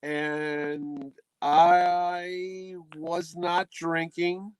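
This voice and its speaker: A middle-aged man with a highish voice hosts a podcast, telling a funny story in casual conversation and animatedly acting out the quotes. He speaks extremely slowly in a clean tone. The recording is dry and the audio quality is poor.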